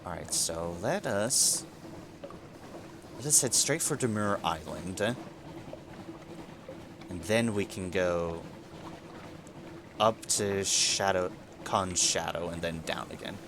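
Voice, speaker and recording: Against background noise, a let's play streamer talks slowly in a low voice with long pauses. He thinks aloud about his in-game decisions and reads the game's text to himself in a relaxed way.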